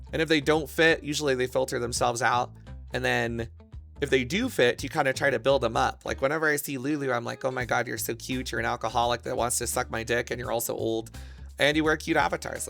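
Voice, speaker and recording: Gravelly, bright-voiced crude male streamer. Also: medium pitch. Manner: crude, rambling, excitable bursts. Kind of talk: casual stream chat.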